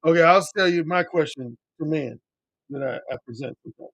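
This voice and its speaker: A middle-aged male dating coach answers chat on a livestream, talking bluntly, swearing freely, and repeating points for emphasis. His voice is a little fast, creaky, and a bit bright, and he mimics other men in a high voice when quoting them.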